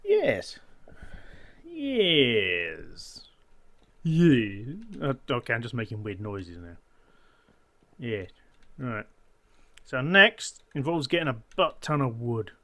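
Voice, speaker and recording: A man's voice: mid-range voice, animated, measured pace, long pauses, pushed and bright. A man giving casual gameplay commentary as a channel host, muttering to himself and counting blocks under his breath.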